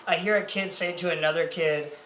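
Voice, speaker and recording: A man's voice: on the high side, fairly even intonation, fairly quick, a bit bright. A young man performing a stand-up comedy set, rambling and self-mocking with lots of fillers. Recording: echoey club room with faint noise.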